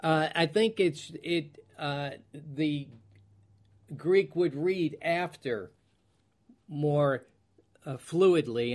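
A man teaching from the Bible as a pastor, reading scripture aloud and often pausing to find his place. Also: a little high, animated, a little mellow. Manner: slow, searching, clears throat, loses place; reads scripture aloud in King James wording.

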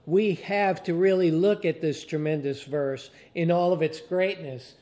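Middle-aged guy pastor giving a sermon, kinda high voice, takes his time, drags out the big words. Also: steady tone, dark tone. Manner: slow, deliberate preaching with drawn-out emphasis.

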